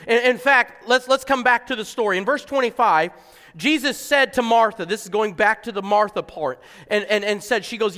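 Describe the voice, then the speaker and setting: A pastor preaching a conversational sermon that builds to fervent, emphatic exclamations. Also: male voice, extremely high pitch, normal speed, pushed and bright, in a large hall.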